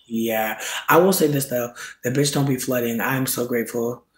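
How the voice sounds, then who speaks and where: A man hosting solo, telling a casual comedic rant in slangy, profane, animated storytelling. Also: medium pitch, unhurried. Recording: roomy echo.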